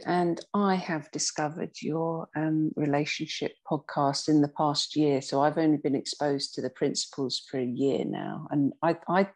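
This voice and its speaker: A woman's voice: deep voice, a little mellow. A woman speaking casually on a video call, hesitant and full of ums. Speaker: call participant.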